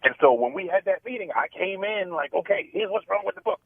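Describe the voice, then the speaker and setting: A man guesting on a radio show, telling stories in an animated way with many restarts. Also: high-pitched, a little fast, gravelly, slightly rough, no echo. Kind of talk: casual radio interview. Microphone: phone line. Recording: phone-line call, dry.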